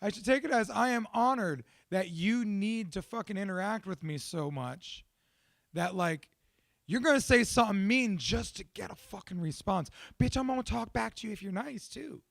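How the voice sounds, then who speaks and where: A young man hosting a podcast, talking in a casual, profane, animated and self-mocking monologue. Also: high voice, moderate pace, creaky, dry recording, clean studio sound. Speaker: podcast host.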